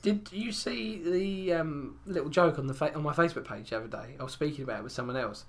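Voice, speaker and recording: Speaking fast in a slightly high voice, this young man co-hosts a podcast. He rambles through crude stories in relaxed conversation, leaning heavily on filler words.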